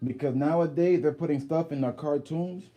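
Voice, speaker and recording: Rambling, mellow-voiced man hosting a livestream. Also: fairly high pitch, moderate pace. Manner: rambling storytelling with many restarts and fillers. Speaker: livestream host. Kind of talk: casual livestream chat, reading viewer comments.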